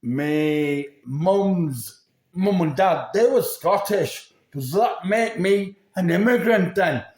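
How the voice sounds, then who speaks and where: Older English man in his sixties, slow rambling vlogger, fairly high voice, echoey room. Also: lively intonation, a little mellow. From England. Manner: rambling, sweary, keeps checking in with "yeah?". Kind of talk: rambling monologue to camera.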